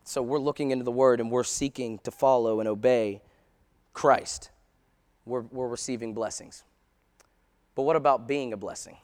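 A man preaching a sermon as pastor, impassioned, building from quiet talk to loud preaching. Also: mid-range voice, steady tone, moderate pace, pauses often, long reverb tail.

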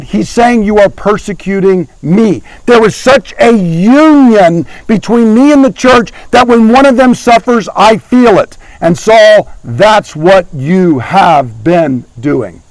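A man's voice: high voice, dry recording, rough recording. A middle-aged man preaching a sermon as pastor, earnestly asking his congregation questions as he teaches.

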